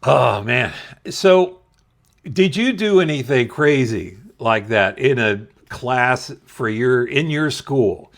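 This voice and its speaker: A man's voice: mid-range voice, a bit bright. A middle-aged man casually telling a funny school story to his viewers, laughing at himself along the way. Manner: slow, laughing, self-deprecating. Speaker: channel host telling a story.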